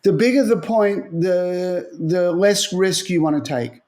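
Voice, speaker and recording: A man's voice: high voice, unhurried, darkish tone. A man who coaches tennis strategy, telling stories animatedly in a casual interview and often repeating words as he thinks. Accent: Australian.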